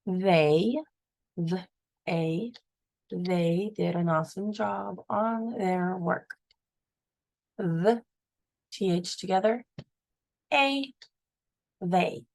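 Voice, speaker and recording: A woman's voice: medium pitch, very slow, creaky, long pauses, no echo, rough recording. A woman teaching a phonics lesson, patiently sounding out words and spelling them letter by letter.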